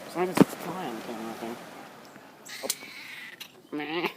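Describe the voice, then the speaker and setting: Her voice sits low and expressive as she slowly coos at her cats, filming them at home with a handheld phone. She has just woken up and sounds sleepy, giggling often in this casual home video with clear background noise.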